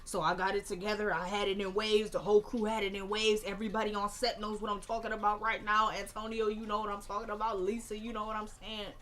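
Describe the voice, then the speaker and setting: A woman's voice: mid-range voice, fast, slight background noise. A young woman casually recapping a TV episode on her vlog, chatting and acting out the dialogue. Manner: animated, acts out dialogue, chatty. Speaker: TV show reviewer. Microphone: camera mic.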